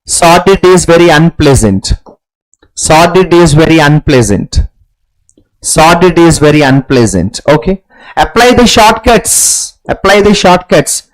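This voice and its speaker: A man teaching an exam-prep class online, repeating key phrases over and over and clearing his throat often. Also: on the high side, expressive, unhurried, poor audio. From India. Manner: repetitive drilling, frequent throat-clearing. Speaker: English teacher.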